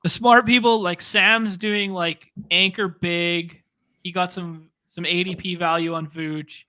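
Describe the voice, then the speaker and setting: A man co-hosting a fantasy sports show, talking eagerly and thinking out loud about draft picks. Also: high-pitched, fairly even intonation, clear, resonant tone. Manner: eager, quick, thinks aloud. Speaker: fantasy sports podcast host. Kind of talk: casual chat.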